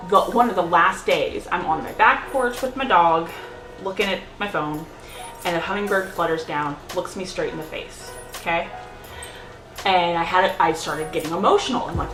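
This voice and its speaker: A woman's voice: medium pitch, expressive, a little fast. A woman vlogging at home in a casual, rambling way, with many fillers and restarts. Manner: sings out baby talk to her pets. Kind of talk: casual chatty vlog. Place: at home indoors. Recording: echoey room with music behind.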